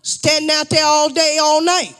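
A man preaching a sermon, repeating phrases in call-and-response style and rising to shouts. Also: very high voice, monotone, moderate pace. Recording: long hall reverb.

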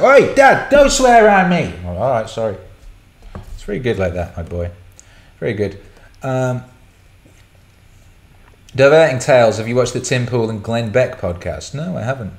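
A middle-aged man hosting a casual livestream Q&A, blunt and sweary as he rants and answers chat questions. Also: medium pitch. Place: indoor room. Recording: roomy echo.

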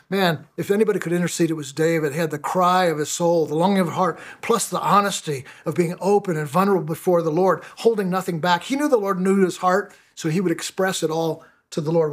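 A man's voice: fairly high pitch, slightly rough. A middle-aged man preaching a sermon as pastor, often stumbling and repeating words as he restarts his phrases.

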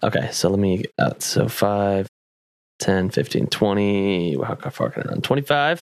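Give me a smooth-voiced man player thinking aloud through his turn. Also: fairly low pitch, animated, measured pace, no room sound, clean studio sound. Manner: thinking aloud, counting out moves. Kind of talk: tabletop game chat.

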